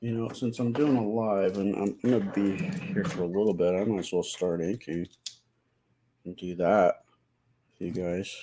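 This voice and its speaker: A man hosting a live stream, chatting casually and answering viewer comments with a slightly stuffy nose and a halting, rambling way of talking. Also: sits low, fairly even intonation, background noise. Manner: rambling, halting, many fillers and restarts.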